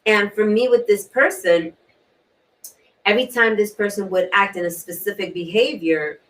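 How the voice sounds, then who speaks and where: A woman's voice: mid-range voice, normal speed, fairly bright tone. Earnest woman speaking from a distance. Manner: earnest, repeats key words, clears throat often. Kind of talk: personal testimony in a panel talk. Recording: distant mic.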